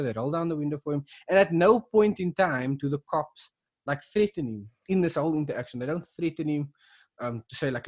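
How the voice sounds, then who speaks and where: On a casual podcast, a South African co-host with a voice on the high side retells events in an animated, brisk and slightly mellow way. His delivery rambles, with many fillers and phrases started over.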